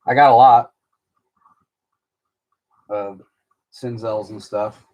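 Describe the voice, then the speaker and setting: A man's voice: lowish voice, steady tone, takes it slowly, highs cut off, background noise. A man chatting casually on a live stream about his baseball card collection, answering viewers' comments as he goes. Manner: rambling, chatty, reads viewer comments aloud.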